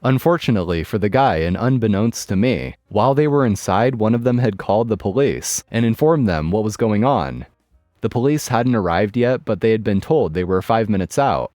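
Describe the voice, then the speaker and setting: A man's voice: lowish voice, animated, moderate pace, a little mellow, no room sound. A man reading a first-person story in a wry, matter-of-fact scripted narration. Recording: dry close mic with music bed.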